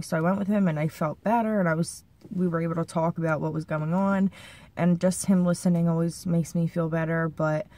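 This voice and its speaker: A woman's voice: on the low side, steady tone, brisk, mellow, no echo. A young woman talking anxiously and rambling in a personal vlog, sounding shaken and near tears. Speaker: vlogger.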